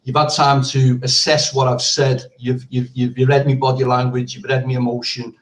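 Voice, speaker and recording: A man's voice: mid-range voice, flat delivery, normal speed. Guy arguing on a call, combative, keeps repeating himself, sounds far from the mic. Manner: combative, repetitive, swearing. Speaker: participant in online group call. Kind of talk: heated argument.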